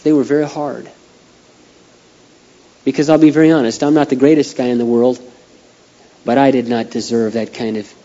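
A middle-aged man preaching a heartfelt sermon, dropping to a hush and then rising to loud pleading. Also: medium pitch. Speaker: pastor. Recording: dull lo-fi sound.

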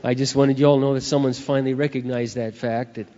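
A man preaching a sermon through personal stories, animated, acting out dialogue and swinging between loud and soft. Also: medium pitch, fast, a little hiss or hum. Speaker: pastor. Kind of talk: sermon with storytelling. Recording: dull recording in a reverberant hall.

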